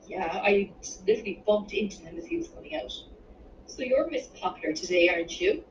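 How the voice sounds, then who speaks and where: A woman's voice: medium pitch, very animated, fast, echoey room, distant mic, lo-fi sound, a little hiss or hum, natural voice. A woman voicing a teasing female friend.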